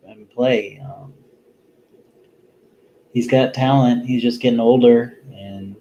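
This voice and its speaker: A man hosting a solo fantasy football show, talking casually and rambling with plenty of pauses, tired after a long day. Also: mid-range voice, steady tone, warm tone, lo-fi sound, a little hiss or hum. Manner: rambling, lots of ums and restarts, easygoing. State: tired, yawning. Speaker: fantasy football podcast host.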